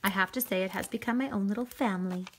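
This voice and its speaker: A middle-aged woman from Canada walks through a card-making project live, chatty and upbeat. She chats with viewers by name between steps. Her voice sits at an ordinary mid pitch. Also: quick pace. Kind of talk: live craft tutorial.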